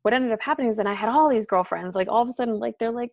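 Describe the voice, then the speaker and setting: A woman talking casually as a podcast guest, animated and full of "like" and "um", acting out what her friends said. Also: very fast, hardly any pauses, no room sound, studio quality. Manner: animated, acts out quoted friends with pitch jumps; filler-heavy, frequent "like" and "um". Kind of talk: casual conversation.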